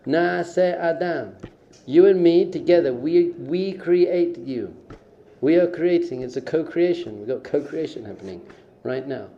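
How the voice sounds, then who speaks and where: A middle-aged man, a rabbi, giving a lively Torah class to yeshiva students, moving between loud emphatic bursts and quiet asides and dropping Hebrew terms into his talk. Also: fairly high pitch, muffled recording.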